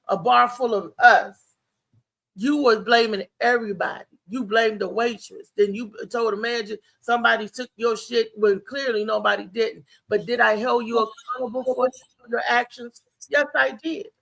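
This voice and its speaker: A woman's voice: fairly high pitch, gravelly, a bit bright. A woman comedian hosting a talk show, telling an emphatic story with a preachy edge. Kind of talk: casual talk show monologue.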